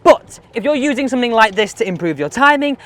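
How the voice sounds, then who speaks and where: A man's voice: very high voice, animated, fast, a bit bright. A middle-aged man, a golf coach chatting casually on a range between shots and talking himself through each swing. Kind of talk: casual range-testing vlog commentary.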